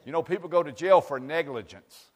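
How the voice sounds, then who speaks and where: Pastor, male, high voice, impassioned sermon delivery that runs hushed to shouting, long church reverb. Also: a little fast. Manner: fiery, swings from hushed to shouting. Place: church sanctuary.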